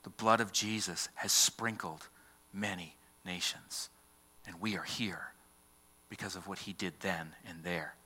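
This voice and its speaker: Forceful low-voiced male preacher. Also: a little slow. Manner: dramatic, swings from loud declaration to hushed near-whisper. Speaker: pastor. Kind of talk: sermon.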